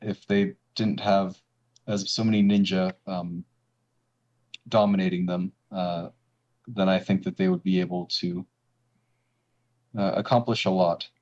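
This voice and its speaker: A man plays a calm ninja commander in a tabletop game. The voice sits fairly low and comes through slightly dull, lo-fi audio. He speaks in a measured way, with hesitant pauses. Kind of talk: game master voicing a character.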